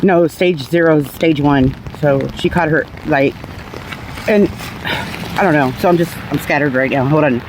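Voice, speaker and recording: A woman's voice: deep voice, unhurried, background noise. A middle-aged woman telling her own story in a candid, rambling, blunt way, swearing casually. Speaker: vlogger sharing her cancer story.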